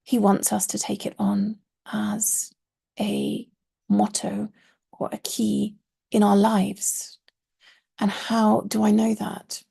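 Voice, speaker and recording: A woman teaching a Quranic Arabic course speaks in a mellow, low-toned voice with a heavy gravelly fry. Her delivery is husky and breathy, and she explains each point patiently, leaning on the words she wants to stress. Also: completely flat delivery, slow pace. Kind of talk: online course lesson.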